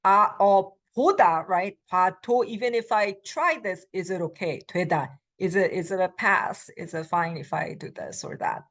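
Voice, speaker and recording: A middle-aged woman teaching a recorded language lecture, patiently explaining with frequent ums, alternating slow English with quick example phrases. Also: fairly low pitch, fairly bright tone. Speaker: Korean language instructor.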